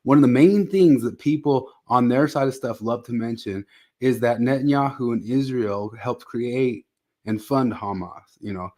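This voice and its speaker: A man's voice: medium pitch, normal speed, darkish tone. Ranting male podcast co-host. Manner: exasperated, ranting, mocking. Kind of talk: casual podcast chat.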